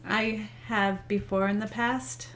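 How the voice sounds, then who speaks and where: A woman in her forties, a yoga teacher, chatting casually over lunch in a relaxed, thoughtful way. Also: medium pitch, slow pace. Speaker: guest, yoga instructor. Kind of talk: casual chat while eating. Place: indoors, eating lunch.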